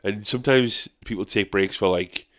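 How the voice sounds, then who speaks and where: A man's voice: lowish voice, normal speed, a bit bright. A young man hosting a podcast, rambling and swearing in casual chat. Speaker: podcast host.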